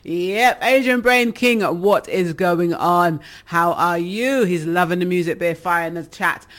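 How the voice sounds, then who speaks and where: Woman DJ doing shout-outs. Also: on the low side, measured pace. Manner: laughs often, warm chatter. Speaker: livestream DJ host. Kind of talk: casual shout-outs reading chat.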